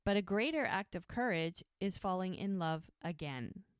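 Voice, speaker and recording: Woman podcast host, lowish voice, chatty recapper who acts out dialogue. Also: moderate pace, clear, resonant tone, dry recording, clean studio sound. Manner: lively storyteller who voices quoted lines. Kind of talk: casual chat, retelling scenes.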